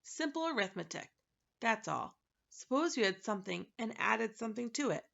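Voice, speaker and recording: A woman's voice: on the high side, sing-song, moderate pace, gravelly, fairly bright tone, muffled recording, heavily acted. A woman voicing a fussy, many-faced male dodecahedron from a storybook, who talks in a precise, lecturing way. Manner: precise, lecturing, self-satisfied.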